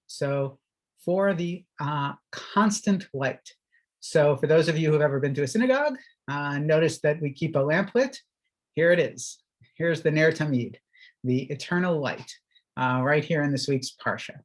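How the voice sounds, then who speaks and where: A man, a rabbi, teaching a weekly Torah lesson in a halting way, with many fillers and restarts. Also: on the high side, rough recording. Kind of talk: Torah study talk.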